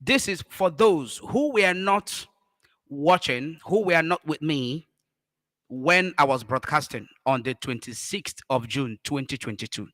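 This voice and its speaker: Fervent Nigerian pastor, high voice. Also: male voice, animated, unhurried, big-room sound. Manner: emphatic, repeats phrases, swings from loud cries to hushed low words. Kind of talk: impassioned preaching livestream.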